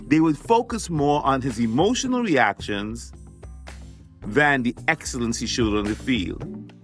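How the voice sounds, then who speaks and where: Male physician-host, lively pitch, emphatic and chatty, faint music underneath. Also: measured pace. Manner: emphatic, conversational, repeats phrases for effect. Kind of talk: motivational podcast monologue.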